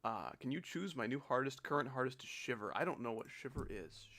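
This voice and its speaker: A man's voice: mid-range voice, lively intonation, brisk, fairly bright tone, a little hiss or hum. A young man hosting a live stream, chatting casually and joking with chat and a friend while playing. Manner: joking, giggly, reads out chat.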